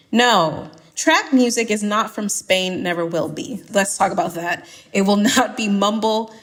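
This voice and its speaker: A young woman from Atlanta, a podcast guest chatting casually and emphatically, laughing often as she gives strong opinions. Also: mid-range voice. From Atlanta, United States.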